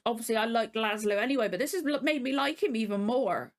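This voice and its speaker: A woman's voice: on the high side, fast talker, few pauses. Emotional woman gushing in a vlog. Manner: rambling, gushing, full of restarts. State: teary, emotional. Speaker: reaction channel host. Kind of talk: casual reaction vlog chat.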